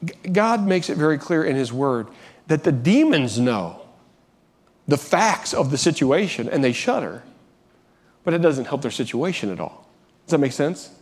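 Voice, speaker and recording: A man's voice: fairly high pitch, big pitch swings, normal speed, pauses often, slightly rough. A man preaching a sermon as pastor, earnest, often restarting and repeating phrases, rising when he urges.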